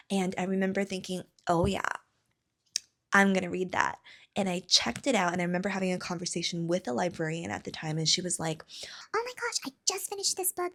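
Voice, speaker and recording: A woman in her thirties talks to her viewers about books in a loose, rambling way, full of "um" and "like". Her voice sits low for a woman and drags into a gravelly fry. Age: 30s. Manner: rambling and chatty, many fillers. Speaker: book vlogger. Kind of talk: casual chat to camera.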